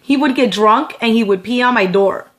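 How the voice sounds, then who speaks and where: A woman's voice: on the high side, moderate pace. A young adult woman telling a personal story on her vlog, emphatic and profane, often checking in with her viewers. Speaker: beauty vlogger.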